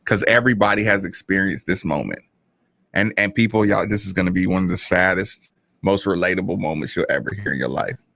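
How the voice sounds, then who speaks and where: A man with a low, gravelly voice co-hosts a casual sports talk show, drawing out a story with animated, self-mocking humor. The sound is close and dry, with no room around it. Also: fairly quick, no echo. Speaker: radio show co-host.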